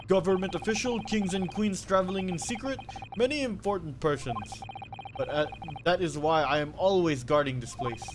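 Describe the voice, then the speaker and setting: A streamer voicing a boastful male Russian ship crewman, loud and stern in broken English, with a put-on Russian accent. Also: high voice, normal speed, noisy background, close to an everyday voice.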